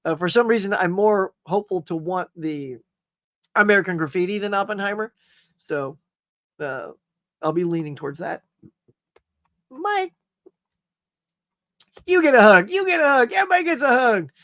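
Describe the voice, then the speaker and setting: A man's voice: high-pitched, expressive, normal speed, long pauses, a bit bright, dry recording, clean studio sound. Chatty man hosting a live stream. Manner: chatty, rambling, greets and reads viewer comments; friendly, says y'all and man often. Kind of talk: casual live-stream chat.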